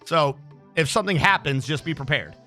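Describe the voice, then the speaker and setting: Bright-voiced ranting male streamer. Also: on the high side, brisk, soft background music. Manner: ranting, profane, exasperated. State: throat infection. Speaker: game streamer. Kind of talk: casual livestream chat.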